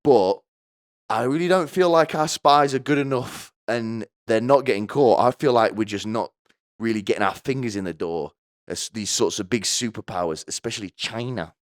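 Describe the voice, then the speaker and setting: A man's voice: mid-range voice, moderate pace, no echo, studio quality. A young man hosting a podcast with a crude, rambling, sardonic comedic monologue. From United Kingdom. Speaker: podcast host.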